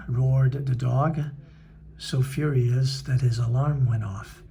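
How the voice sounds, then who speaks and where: Man, children's book read-aloud, husky, gravelly, dark, careful, explaining. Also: mid-range voice, fairly even intonation, unhurried, a little hiss or hum. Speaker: reader. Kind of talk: reading a children's book aloud, translating into Chinese.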